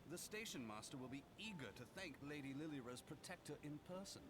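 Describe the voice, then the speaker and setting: A man's voice: fairly high pitch, expressive, quick pace, noisy background, close to an everyday voice. An actor playing a courteous male guard who speaks formally and protectively, in a video game. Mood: earnest. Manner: formal, old-fashioned speech. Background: game music.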